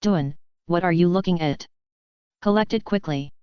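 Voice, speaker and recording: A woman's voice: on the low side, normal speed, clear, resonant tone, no room sound, muffled recording, lightly acted. A woman reading as a bossy young pirate woman. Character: young female navigator, bossy and greedy.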